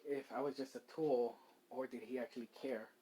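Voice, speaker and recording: A man voicing a gentle, soft-spoken young woman. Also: medium pitch, steady tone, breathy edge, lightly acted, low-quality recording. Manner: halting, with filler words and restarts.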